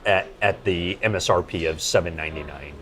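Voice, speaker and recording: A man co-hosting a podcast, chatting over lunch in a halting way with many repeats. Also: low-pitched, a bit bright. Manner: hesitant, repeats words and fillers. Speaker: podcast co-host. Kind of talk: casual chat over lunch. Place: busy restaurant. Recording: restaurant crowd chatter behind.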